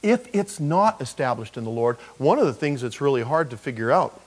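A man's voice: mid-range voice, expressive, a little fast, rough recording. A middle-aged male pastor preaching a conversational sermon, full of rhetorical questions and humor.

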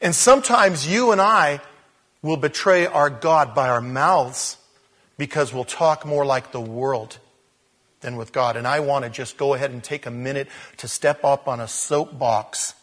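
A man's voice: mid-range voice, measured pace, fairly bright tone. A male pastor preaching a sermon in a church, telling the story with jokes and acting out the scenes. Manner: jokey, storytelling preacher who acts out scenes.

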